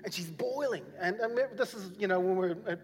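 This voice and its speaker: New zealand man preaching, high voice, rambling, repeats words, long church reverb, soft music. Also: brisk. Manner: rambling, repeats himself, frequent fillers. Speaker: pastor. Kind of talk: sermon storytelling. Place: church hall.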